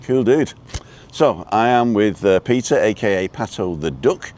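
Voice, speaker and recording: A man with a lowish, expressive and slightly mellow voice talks a little slowly while hosting a live walking show. He's outside on a street in a seaside town, chatting casually, cracking jokes and reading viewers' names aloud.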